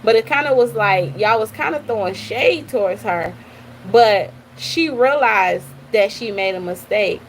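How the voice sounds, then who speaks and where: A woman hosting a motivational live stream, telling stories in an animated way and talking straight to her listeners. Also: medium pitch, measured pace, slight background noise, rough recording. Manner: animated, addresses listeners as y'all, repeats okay. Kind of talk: motivational storytelling talk.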